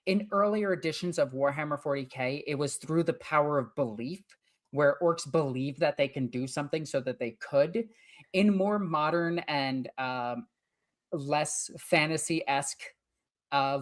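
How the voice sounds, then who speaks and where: New york lady chatting on a lore stream, explains stuff plainly. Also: low voice. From Queens, New York. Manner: explains lore plainly, acts out orc lines. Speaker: co-host. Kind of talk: casual livestream chat.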